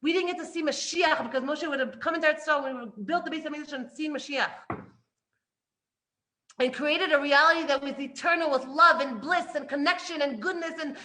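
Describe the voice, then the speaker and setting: A woman giving an animated spiritual lesson, emphatic and full of restarts, swinging between loud and hushed. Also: sits high. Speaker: Torah teacher.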